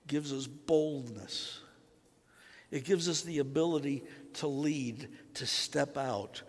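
A man with a slightly high voice preaches a sermon, mixing a childhood story with scripture. He talks conversationally and keeps drawing the congregation in with questions. His voice rings out with the long reverb of a church hall. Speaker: pastor.

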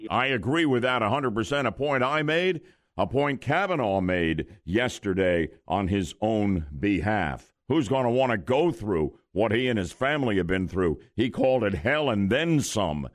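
A man's voice: lowish voice, very animated, normal speed. A man hosting a talk radio show, emphatic and opinionated, taking calls in a studio. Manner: emphatic, takes caller questions.

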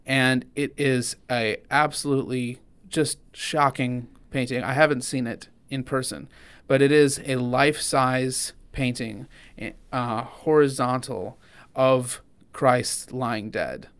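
A man's voice: medium pitch, steady tone, fairly bright tone, smooth. Earnest man co-hosting a podcast. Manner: earnest, halting with many restarts and fillers. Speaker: podcast co-host. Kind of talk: casual conversational podcast.

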